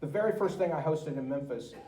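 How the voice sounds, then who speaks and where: A man giving a talk as a guest speaker, telling anecdotes in a lively way with laughs and acted-out quotes, recorded in a museum room. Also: fairly high pitch, a little fast. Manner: lively, laughing storyteller who acts out quotes. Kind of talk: anecdotal storytelling to an audience. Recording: roomy, distant, faint background noise.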